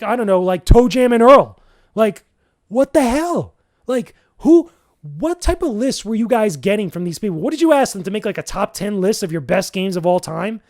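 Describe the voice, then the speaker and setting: A man hosting his own solo podcast, ranting in casual, slangy talk, exasperated and incredulous, with outbursts that jump up loud and high. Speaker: podcast host.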